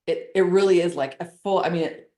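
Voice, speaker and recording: A chatty woman in her thirties, speaking as a coach and podcast guest, with a slightly low voice. She laughs often and fills her sentences with "like". The room sounds echoey. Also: brisk, warm tone. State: four months pregnant. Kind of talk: casual conversational interview.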